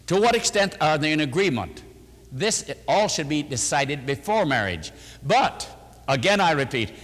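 An older man preaching and answering questions, telling stories with lively, animated delivery. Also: long reverb tail. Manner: animated storytelling, voices quotes with rising pitch. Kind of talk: sermon.

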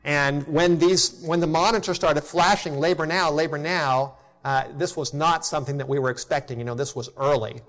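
A middle-aged man preaches to his congregation in a voice pitched a little high. He tells a personal story earnestly and drops almost to a whisper at its tender moments. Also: fairly quick, hardly any pauses, fairly bright tone. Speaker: pastor.

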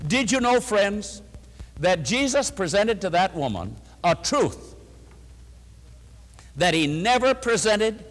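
A man preaching a sermon, his fairly high voice rising and falling with lively animation. He drives home points with loud stresses, then drops into soft asides. A long church reverb trails every phrase.

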